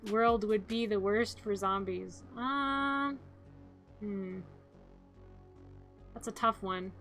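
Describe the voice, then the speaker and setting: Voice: medium pitch, pushed and bright. A streamer chatting casually on a live stream, in a playful, giggly way, acting out zombie growls and screams.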